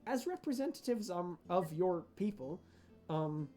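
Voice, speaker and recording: A hesitant woman official, played by a man running a tabletop game, who picks her words with care. She speaks in a halting, courteous way and keeps stumbling and restarting. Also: fairly low pitch, lively intonation, warm tone. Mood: hesitant polite. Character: hesitant female official hosting a meeting.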